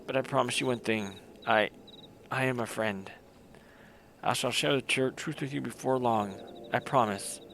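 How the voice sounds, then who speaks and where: Faint, earnest wounded young woman in a game, hesitant and pleading, read by a man with a gravelly tone. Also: medium pitch, moderate pace, a bit bright, a little hiss or hum.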